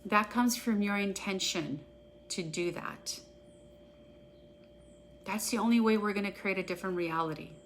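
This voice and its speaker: A woman practitioner guiding an EFT tapping session, speaking in an earnest, gentle, affirming way. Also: mid-range voice, moderate pace, pauses often, slight background noise.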